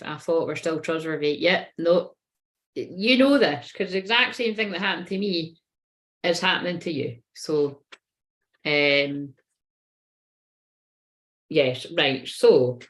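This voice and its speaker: A woman running a casual live tarot reading. She talks in a rambling, sweary way and often breaks into giggles. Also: sits low. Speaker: tarot reader.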